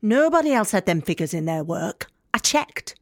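A mouthy, angry young working-class student with a Northern English accent in a radio play, played by a woman. She is sardonic and blunt, and she swears freely. Her voice sits at a middle pitch, recorded dry and close. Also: sing-song, moderate pace, dry recording, close to an everyday voice. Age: young adult. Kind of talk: radio drama monologue.

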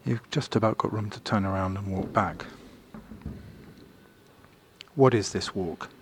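A man's voice: on the low side, normal speed, background noise. A man, an art critic and host, narrating a walking tour and describing his surroundings step by step, slightly out of breath. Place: indoor gallery corridor.

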